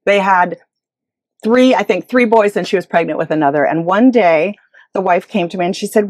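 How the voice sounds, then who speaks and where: Brief: woman in her forties, real estate agent, lively storyteller who acts out dialogue, dry close sound. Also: mid-range voice, moderate pace, dry recording. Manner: animated, acts out quoted dialogue. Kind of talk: interview storytelling.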